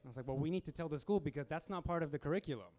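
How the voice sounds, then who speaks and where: A young man hosting a stand-up comedy show in a small club, talking casually with deadpan asides and acting out customers. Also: fairly high pitch, very fast.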